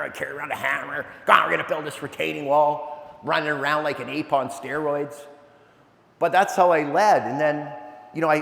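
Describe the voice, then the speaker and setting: A man giving an animated, energetic motivational talk, telling stories with asides to a live audience. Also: on the high side, gravelly. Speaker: keynote speaker. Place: large event hall. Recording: echoey hall, long reverb.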